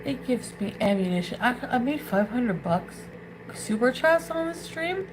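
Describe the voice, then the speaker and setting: A woman's voice: on the high side, animated, normal speed, noisy background. A woman livestreamer in a crude, angry rant who hurls insults and cuts off her own swear words mid-word. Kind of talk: ranting livestream monologue.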